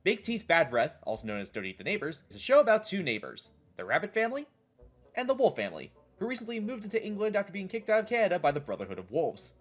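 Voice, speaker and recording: A man's voice: high-pitched, huge pitch swings, fast talker, faint music behind. Wry man narrating a TV retrospective. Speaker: host of a retrospective show. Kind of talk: scripted narration.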